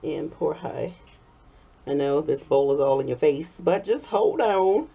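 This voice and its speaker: A woman talks casually to her viewers while she works on a craft, and a cold has left her voice hoarse. Her voice sits on the low side and swings widely in pitch. The recording sounds dull and lo-fi. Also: animated, measured pace. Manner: chatty, warm thanks to viewers, frequent laughs. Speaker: soap-making vlogger.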